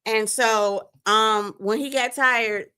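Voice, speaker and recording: A woman telling a painful personal story on a live stream, animated and speaking straight to her listeners. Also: on the high side, slow, smooth. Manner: animated, acts out quoted voices, addresses listeners as "you all". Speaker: guest sharing a testimony. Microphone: remote stream mic.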